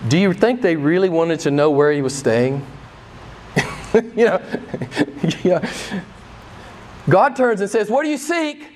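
A man's voice: animated, slow pace, pauses often, slight background noise. A man preaching a sermon, emphatic and conversational, pressing the congregation with repeated rhetorical questions. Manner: emphatic, rhetorical questions, wide swings in pitch and loudness. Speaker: pastor.

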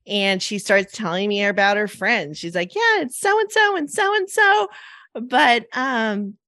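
A woman's voice: on the low side, a bit bright, dry recording, clean studio sound. A woman hosting a podcast, telling a long anecdote in a rambling, casual way with frequent fillers and acted-out voices. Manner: rambling, many "like" and "right?" fillers; acts out quoted voices. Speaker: podcast host. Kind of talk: casual chat, anecdotal storytelling.

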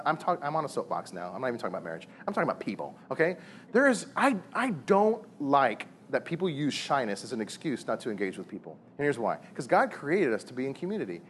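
A man in his thirties preaching a sermon on marriage, animated and full of rhetorical questions and repeated words. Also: medium pitch, a little hiss or hum. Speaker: pastor.

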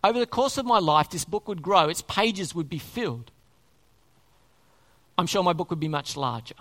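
An emphatic preacher in the middle of a sermon, the voice rising and falling with lively, wide swings in pitch. Key words come back again and again, and questions are put straight to the listeners. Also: moderate pace.

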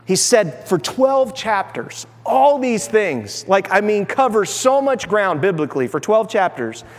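A middle-aged male pastor preaching with a high, light voice. He talks in an animated way and slips into playful put-on voices. His words ring out with the long reverb of a large church hall. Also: unhurried. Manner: animated, acts out everyday voices with humor. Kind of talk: sermon.

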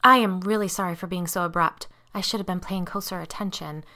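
A woman voicing a flustered, apologetic young mother in a spoken ghost story. She hesitates and stammers, and her voice sounds bright and strained. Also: fairly low pitch, steady tone, brisk.

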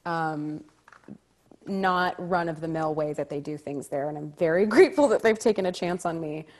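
Lively, low-voiced actress telling a story. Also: female voice, moderate pace. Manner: animated, acts out quoted dialogue, laughs often. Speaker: stage actor, guest. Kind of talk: conversational storytelling.

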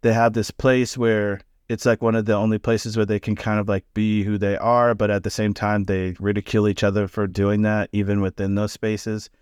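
A man's voice: fairly low pitch, little pitch movement, moderate pace, hardly any pauses, darkish tone, clean tone, no echo, clean studio sound. A man co-hosting a casual book discussion who talks thoughtfully, with many "like" and "you know" fillers. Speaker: podcast co-host.

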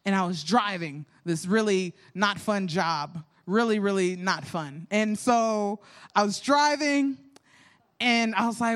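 A woman's voice: mid-range voice, takes it slowly. A young adult woman hosting a faith podcast, talking in an earnest, candid storytelling way with self-deprecating humor. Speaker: podcast host.

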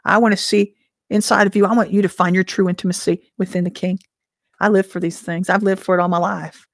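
A woman teacher and minister giving informal prophetic teaching in a conversational way, full of rhetorical questions and an occasional throat clearing. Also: mid-range voice, level tone, a little fast, no room sound, clean studio sound.

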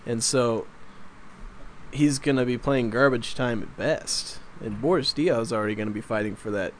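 A man's voice: medium pitch, normal speed, slight background noise. A man in casual sports chat, rambling and mildly exasperated as he makes his points.

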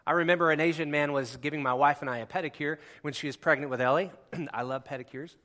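A man preaching with a bright, forceful voice that drops to a hush and climbs to near-shouts. He talks to the congregation conversationally, slipping in asides between passionate points. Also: fairly high pitch, quick pace. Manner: impassioned, swinging from hushed to near-shouting. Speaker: pastor. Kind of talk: sermon.

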